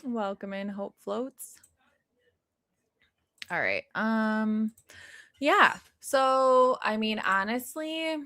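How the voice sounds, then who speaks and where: A woman's voice: mid-range voice, a bit bright, no echo. A woman hosting a casual livestream, chatting and laughing while she reads comments from viewers. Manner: chatty, laughs often, reads chat aloud. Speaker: livestream host.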